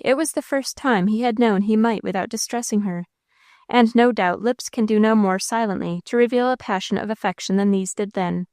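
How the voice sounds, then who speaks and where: A woman narrator giving a measured, expressive reading of a classic novel into a close mic. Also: mid-range voice, clean tone, no room sound. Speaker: audiobook narrator.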